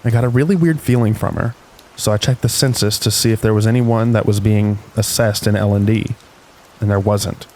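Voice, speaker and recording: A man reading stories aloud in calm, unhurried scripted narration meant for falling asleep. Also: lowish voice. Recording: faint rain noise behind.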